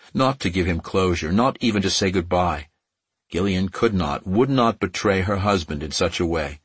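Very low husky audiobook narrator, a man. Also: no room sound.

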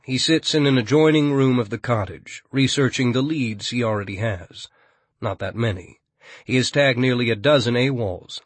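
A man narrating an audiobook in a steady, even storytelling manner. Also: mid-range voice, slightly rough, no room sound. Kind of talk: scripted narration.

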